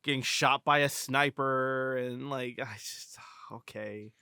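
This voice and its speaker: A man hosts a podcast and chats casually about a war film. His voice is smooth and resonant, recorded dry and up close. He hedges his opinions and fills his talk with "you know". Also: medium pitch, fairly even intonation, slow, bright, forceful tone, no echo. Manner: easygoing, hedging, heavy "you know" fillers. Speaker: podcast host. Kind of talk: casual film review chat.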